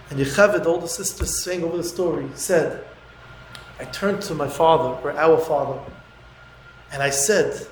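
A man telling a moving story in a talk, growing dramatic and loud at its peaks. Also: sits high, roomy sound, rough recording. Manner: dramatic, rising to near-shouting at emotional peaks.

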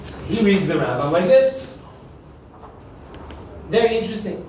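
A man with a fairly high voice leads a Talmud class, firing questions at the room and hammering on key terms. He sounds far from the mic, in a very echoey room with faint noise behind. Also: very animated, moderate pace, long pauses, darkish tone. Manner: questioning, emphatic, mixes Hebrew terms. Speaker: teacher.

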